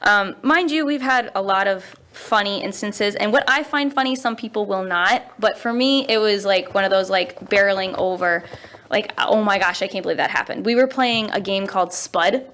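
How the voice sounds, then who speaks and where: A woman in her twenties, a youth pastor and teacher, telling stories in a casual interview and acting out quotes with big jumps in her voice. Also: moderate pace. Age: 20s. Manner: animated, acts out quotes with big pitch jumps.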